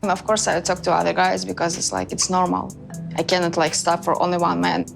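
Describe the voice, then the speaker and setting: A woman's voice: lowish voice, little pitch movement, a little fast, creaky, soft background music. A woman answering in a reality show interview, offhand and dismissive. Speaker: reality show cast member.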